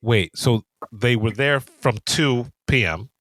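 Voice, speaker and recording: A man co-hosting a podcast, chiming in with short reactions and quick, swearing questions in casual chat. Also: medium pitch, a bit bright, no room sound. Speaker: podcast co-host.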